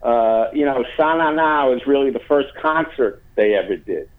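Interviewed over the phone, a male guest tells a story in a rambling fashion, full of fillers and restarts. He has an animated, mid-range voice at a moderate pace, and the line sounds tinny.

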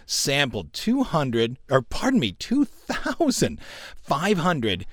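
A man hosting a college radio music show, explaining things in an animated storytelling way. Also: fairly high pitch, slow pace, no room sound, clean studio sound. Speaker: radio host. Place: radio studio.

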